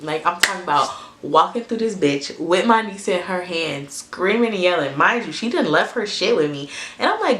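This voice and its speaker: A young woman, telling a story to her camera in a lively, cussing, chatty way. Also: lowish voice, moderate pace, reverberant. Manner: animated, swears freely, asides to viewers. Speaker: storytime vlogger.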